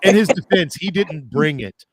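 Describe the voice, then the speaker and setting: A man with a Midwestern American accent, a travel agent co-hosting a roundtable and chatting in a joking, animated way. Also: on the high side, normal speed, a crowd in the background. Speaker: podcast co-host, travel agent. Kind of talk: casual roundtable chat.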